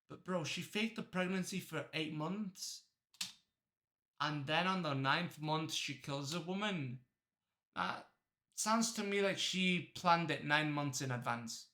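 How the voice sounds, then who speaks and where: A man in his twenties from Texas, reacting to a video in blunt, profane casual commentary that breaks into loud cheering. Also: on the high side. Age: 20s.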